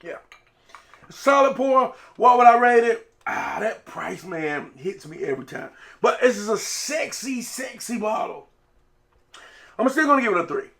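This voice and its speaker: A man's voice: very high voice, big pitch swings, unhurried, creaky, fairly bright tone. A man, casually reviewing a whiskey in a laid-back, rambling way.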